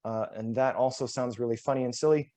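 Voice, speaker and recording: A man presenting a workshop, walking through voice warm-up exercises in a relaxed, self-deprecating way and demonstrating each one aloud, likely over a video call. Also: medium pitch, quick pace.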